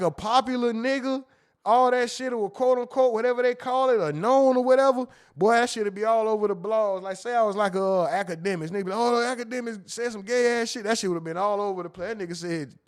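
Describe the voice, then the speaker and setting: High-voiced joking livestream host. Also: male voice, brisk, smooth. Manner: loose, crude and joking, often laughing at himself. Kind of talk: casual livestream commentary reading chat.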